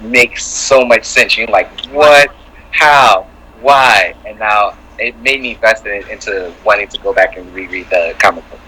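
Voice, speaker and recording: A man's voice: lowish voice, steady tone, moderate pace, few pauses, sharp tone, breathy edge. A man on a casual podcast who talks enthusiastically and acts out his reactions, heard a little far from the mic. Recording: distant mic with faint background noise.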